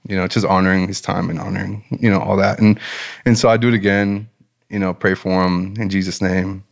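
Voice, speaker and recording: A man guest telling a personal story in a casual interview, animated and enthusiastic, with a relaxed manner. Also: deep voice, a little fast, gravelly. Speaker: business owner and guest.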